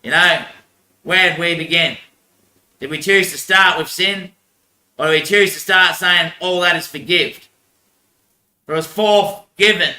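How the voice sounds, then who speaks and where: High bright rambling guy. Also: echoey room, rough recording. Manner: rambling, crude, laughs often. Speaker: vlogger. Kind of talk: rambling religious monologue.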